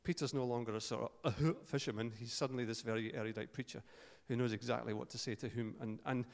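A Scottish preacher tells stories in a loose, joking way, full of asides and restarts. His voice sits at a middle pitch. The sound rings with the long reverb of a hall. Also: steady tone, fast talker, creaky. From Scotland. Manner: chatty, joking asides, frequent fillers and restarts. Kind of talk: informal sermon with storytelling.

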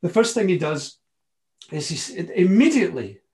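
A man preaching with passion in a high, bright-edged voice. He drops into hushed asides, then lifts into ringing, emphatic lines. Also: sing-song, moderate pace. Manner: impassioned, swings between soft asides and ringing emphasis. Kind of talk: sermon.

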